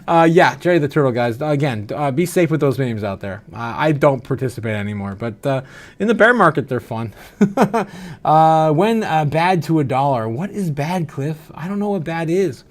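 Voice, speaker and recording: Reading out viewer comments on his crypto livestream, this man chats loosely and laughs often, peppering his speech with "uh." His slightly high voice is expressive and moderately paced, a bit tipsy and slurred.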